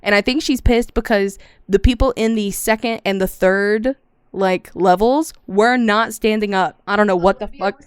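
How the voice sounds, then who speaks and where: A young woman, streaming a casual reaction, loud and profane with frequent exclamations. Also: mid-range voice, normal speed, smooth, no room sound.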